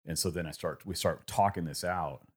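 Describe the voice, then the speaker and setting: Man, 30s, extremely low voice, reflective storyteller with lots of ums. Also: brisk, slightly rough. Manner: reflective, rambling storytelling with many fillers. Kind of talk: casual conversation.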